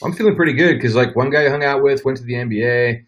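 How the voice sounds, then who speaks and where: Brief: male panelist, mid pitch, thoughtful and steady. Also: fast talker. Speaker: guest panelist. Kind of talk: casual panel talk.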